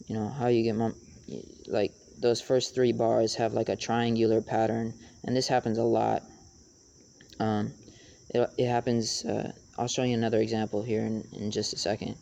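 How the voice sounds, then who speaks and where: Young man, gravelly, monotone, casual rap tutorial, faint background hiss. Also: lowish voice. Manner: halting, many fillers, raps lines to demonstrate.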